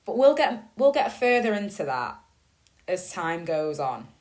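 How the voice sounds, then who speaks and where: A woman's voice: on the low side, very animated, a little mellow. A woman, likely in her thirties, telling a personal family story in a candid, swearing podcast monologue. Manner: candid and profane, swinging between slow reflection and bursts of emphasis. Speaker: podcast host.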